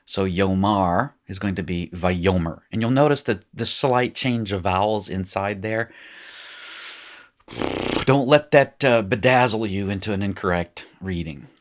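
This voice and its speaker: A man's voice: on the low side, moderate pace. A man teaching a recorded language lesson, explaining in a chatty way and often correcting himself mid-sentence. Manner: chatty, self-correcting explanations with frequent fillers. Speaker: Hebrew teacher. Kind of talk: recorded screen-share lesson.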